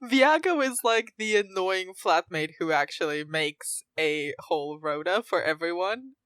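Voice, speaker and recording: Lively woman, dry close sound. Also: lowish voice, unhurried, clear, resonant tone, dry recording. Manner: lively, laughs a lot, asks questions. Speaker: podcast co-host. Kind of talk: casual film chat.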